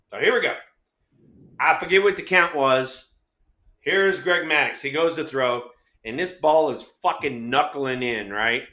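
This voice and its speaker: A middle-aged man co-hosting a baseball talk show, telling profane, animated stories and acting out quotes. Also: mid-range voice, reverberant. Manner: animated, swears freely, acts out quotes. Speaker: co-host, former ballplayer.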